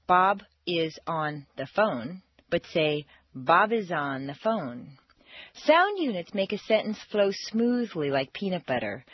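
A woman with an American accent reads scripted narration as an accent coach, with a husky voice and melodic, exaggerated intonation in her examples. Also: mid-range voice, no room sound, muffled recording.

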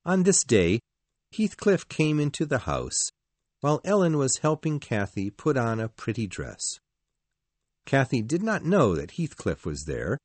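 A man narrating a storybook in a measured, expressive reading. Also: mid-range voice, no room sound.

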